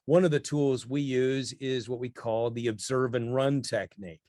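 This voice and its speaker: A man teaching parents in a webinar chat who laughs easily and quotes parents in a brisk voice. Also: mid-range voice, fairly even intonation, darkish tone, no room sound, studio quality.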